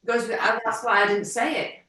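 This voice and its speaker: A woman's voice: a little high, steady tone, moderate pace, sharp tone, far from the mic. A woman taking part in a workout class, chatting and counting in a playful way. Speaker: class participant. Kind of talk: casual chat during a workout. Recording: roomy, away from the mic.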